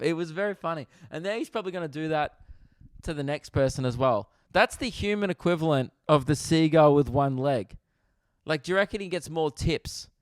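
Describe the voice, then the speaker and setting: A young Australian man hosting a podcast, telling a comedic story with animated swearing and laughter. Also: medium pitch, clear, resonant tone, no room sound, studio quality. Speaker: podcast host.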